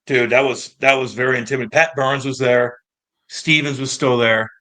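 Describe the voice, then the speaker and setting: A man in his thirties from St. Louis, a former pro hockey player telling stories in a casual, animated and profane interview. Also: medium pitch, fairly quick. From St. Louis, United States. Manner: animated, profane, acts out quoted voices.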